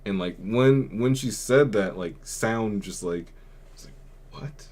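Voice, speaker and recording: A man's voice: fairly low pitch, a little slow, a little mellow. A young man hosting a podcast, telling a personal story in a rambling, subdued way, full of filler words. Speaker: podcast host. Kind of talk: casual storytelling.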